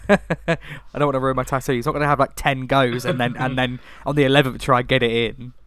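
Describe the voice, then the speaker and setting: A young man in casual chat, laughing and swearing through relaxed banter. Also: mid-range voice, fast, dry recording.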